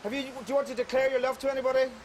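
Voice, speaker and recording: Out in a large public square, a Northern Irish man addresses a crowd for a public art piece, full of cheeky teasing and jokes. He talks very fast in a very high-pitched, flat way, and the low-quality audio has a little hiss or hum.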